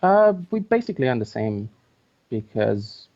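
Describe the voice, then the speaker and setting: A man of medium pitch talks in a relaxed, halting way, stopping often on "like" and "um". His voice comes through a muffled, lo-fi video-call line. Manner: hesitant, lots of fillers and restarts. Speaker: co-host. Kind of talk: casual chat. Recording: dull lo-fi audio.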